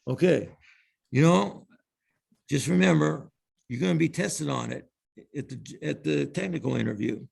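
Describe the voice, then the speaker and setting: A man's voice: fairly high pitch, normal speed, creaky, long pauses, darkish tone. A male professor giving a university lecture in a classroom, explaining step by step and repeating key terms.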